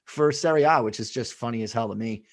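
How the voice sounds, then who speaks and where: A man's voice: medium pitch, quick pace. A man co-hosting a casual football podcast, laid-back and joking, with some swearing. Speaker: podcast co-host. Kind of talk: casual sports chat.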